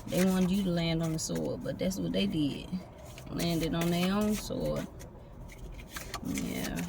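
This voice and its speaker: Vehicle sounds fill the noisy background as a tarot reader gives a casual, freewheeling reading, hopping from one image to the next and swearing plenty. The voice is medium-pitched and gravelly, slow, with big swings in pitch.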